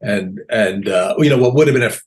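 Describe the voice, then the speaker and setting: A man's voice: lowish voice, a little fast. A man in his sixties, a comedian guest in an interview, telling anecdotes animatedly, acting out quotes and often laughing. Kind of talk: casual interview storytelling.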